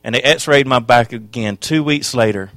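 A man preaching a sermon, telling his own testimony with passion, dropping to a hush and then rising loud. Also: mid-range voice, normal speed, dry recording. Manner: impassioned, swings from hushed to loud.

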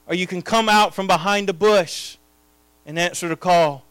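A man preaching a sermon as pastor, his delivery swinging between hushed, intimate lines and loud, impassioned proclamations. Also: high voice, normal speed, clean tone, no room sound.

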